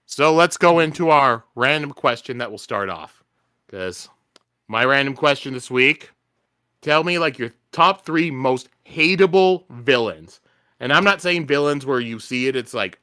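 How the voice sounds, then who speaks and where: A man hosting a podcast in casual chat, relaxed and rambling, swearing freely. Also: medium pitch, moderate pace, no room sound, clean studio sound. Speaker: podcast host.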